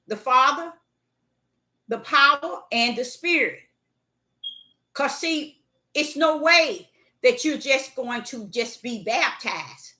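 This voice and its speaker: A woman's voice: on the high side, lively intonation, unhurried, sharp tone. A woman preaching a sermon, repeating herself and stumbling on fillers as she makes her points. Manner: repetitive, emphatic, many fillers and restarts. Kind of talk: sermon teaching.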